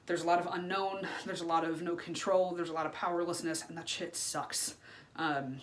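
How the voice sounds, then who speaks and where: A woman's voice: sits low, fairly bright tone. Frank, swearing woman in her thirties. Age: 30s. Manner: frank and unfiltered, swears freely, many fillers. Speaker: vlogger. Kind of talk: candid personal vlog monologue.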